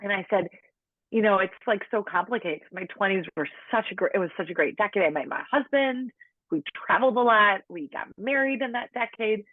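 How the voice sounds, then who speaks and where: Talking a little fast at medium pitch, a woman in her late 30s shares her story as a podcast guest, with no room sound. The conversation is chatty and full of "like," and she acts out the people she quotes, all through a tinny, dry phone-line sound.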